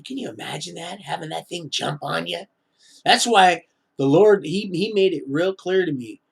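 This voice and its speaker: Brief: man, high voice for his sex, rambling live-stream storyteller, stop-start delivery, preachy streak. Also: expressive, vocal fry, slightly rough. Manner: halting, full of restarts and trailing asides; preachy, sprinkles in religious talk. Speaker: livestreamer telling his life story.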